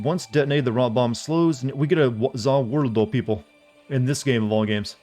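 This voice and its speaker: A man's voice: mid-range voice, moderate pace, darkish tone, faint music behind. A man streaming a game live, rambling and teasing as he answers his chat and reads menu text aloud.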